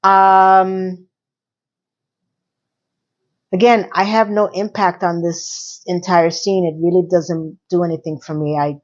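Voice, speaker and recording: A woman casually recapping and reviewing a TV episode, animated and sarcastic, swinging between loud and soft. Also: lowish voice, slow, long pauses, muffled recording. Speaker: TV review vlogger.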